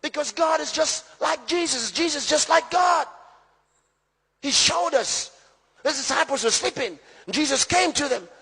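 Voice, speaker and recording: A man preaching a sermon as pastor, emphatic, swinging between loud shouts and low hushed lines. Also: lively intonation, unhurried, gravelly, in a large hall.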